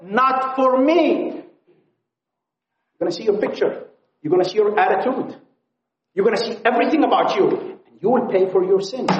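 A man preaching a sermon at a conference, pleading and impassioned, swinging from loud appeals to hushed tones. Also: very high-pitched. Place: conference hall. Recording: echoey, dull lo-fi hall recording.

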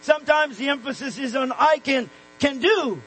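Male preacher, very high voice, emphatic sermon delivery, faint mains hum. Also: lively intonation, rough recording. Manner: emphatic, slows and drops soft on key words. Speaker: pastor.

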